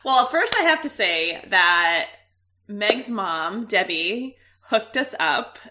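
A woman's voice: medium pitch, slow. A woman in her thirties, a podcast co-host, telling a story in casual chat with frequent laughs. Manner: animated storyteller, laughs often.

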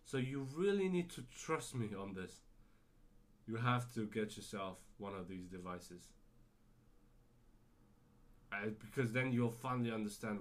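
A man with a British-leaning accent that sometimes drifts American, hosting a casual solo podcast in an excitable, profane, rambling way full of restarts. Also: lowish voice, a little slow, pauses often. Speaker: podcast host.

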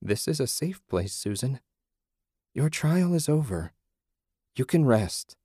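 A disembodied, otherworldly voice , as a male reader puts it on, speaks pleasantly, a touch above his usual pitch. It soothes and teases, knowing more than it says. The reading is close and dry. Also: sing-song, takes it slowly, mellow, slightly rough, no room sound, heavily acted. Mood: soothing, knowing. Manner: soothing, teasing, speaks in riddles.

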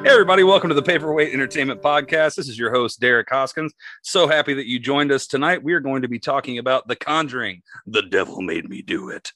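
A man's voice: medium pitch, fast talker, few pauses, pushed and bright, dry recording, faint music behind. A man hosting a podcast, upbeat and laughing often as he introduces his guests. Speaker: podcast host. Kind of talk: casual chat.

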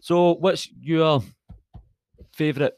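A man's voice: on the high side, fairly even intonation, slow pace, darkish tone, smooth, no room sound. A young Scottish man co-hosting a podcast, easygoing and joking, steering the chat from one segment to the next. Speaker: podcast co-host. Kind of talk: casual chat.

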